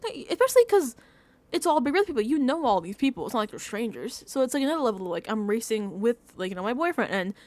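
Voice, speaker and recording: Woman doing a chatty show recap vlog, kinda high voice, lots of likes and laughing. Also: no room sound. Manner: animated storytelling with frequent laughs and fillers. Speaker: reality show recap vlogger. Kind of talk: casual recap chat.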